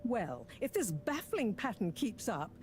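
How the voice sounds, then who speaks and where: A woman's voice: mid-range voice, big pitch swings, measured pace, darkish tone, faint music behind. An actress playing a prim, motherly woman professor in a video game, with precise, proper diction and a fondness for proverbs. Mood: fussy.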